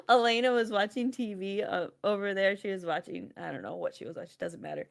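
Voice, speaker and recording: A woman in her thirties co-hosting a casual podcast, telling lively stories with frequent laughter and casual swearing. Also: mid-range voice, normal speed, creaky. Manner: animated storytelling, laughs often, swears casually. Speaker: podcast co-host. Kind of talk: casual chat.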